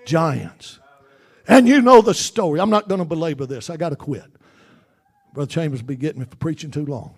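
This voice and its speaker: A man preaching a sermon in a fervent, repetitive style that builds toward shouting. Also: fairly high pitch, lively intonation, brisk, slightly rough.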